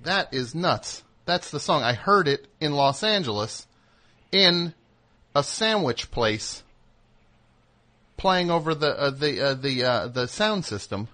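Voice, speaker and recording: A man hosting a call-in radio show, talking in an animated, rambling way full of restarts. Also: on the high side, slow.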